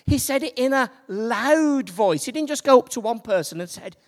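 A preacher delivering a sermon to a church congregation, slow and building to loud, emphatic points. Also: medium pitch, expressive. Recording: long hall reverb.

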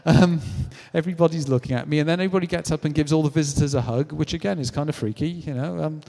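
A British man preaching a sermon in a chatty, animated way, acting out quotes as he tells stories. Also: fairly high pitch, rapid-fire, gravelly, big-room sound. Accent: British English. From Britain. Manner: conversational, animated storytelling with acted-out quotes.

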